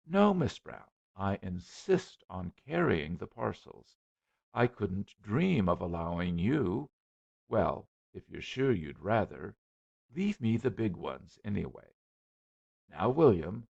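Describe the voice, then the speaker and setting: A man voicing a nervous, overly polite young gentleman, on a dull lo-fi recording. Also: fairly low pitch, big pitch swings, slow, gravelly, no echo, full character voice. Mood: flustered. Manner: hasty, flustered.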